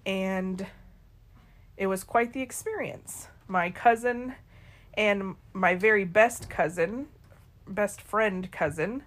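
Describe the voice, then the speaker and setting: Husky-voiced woman telling a family story. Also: mid-range voice, slow. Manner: lively storyteller who acts out quoted people. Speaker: podcast co-host. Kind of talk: casual storytelling to her daughter.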